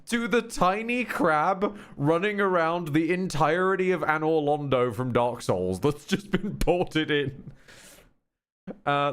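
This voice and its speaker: A man's voice: on the high side, clean tone. A man streaming a game, chatting casually about it in a rambling way, with many restarts.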